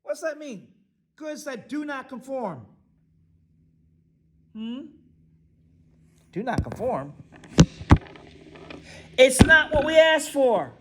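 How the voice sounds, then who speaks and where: High-pitched male instructor, classroom lecture, reads and quizzes students. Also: very animated, slow, pauses often, heavy background noise. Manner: quizzing, reads text aloud and asks students to fill in words; repeats "right?" often.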